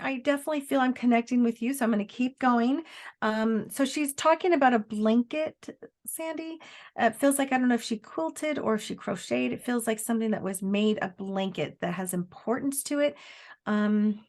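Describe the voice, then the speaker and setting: A woman psychic medium gives a live reading, feeling her way through each message with fillers and restarts. Her voice sits fairly high. She often slips into quoting the spirit in first person. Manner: halting, searching delivery with many fillers and restarts.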